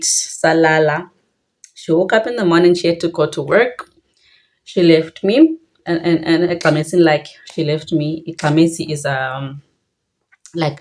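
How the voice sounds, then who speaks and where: A young woman with a South African Xhosa accent telling a personal story in a reflective way, switching between languages mid-sentence. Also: low-pitched.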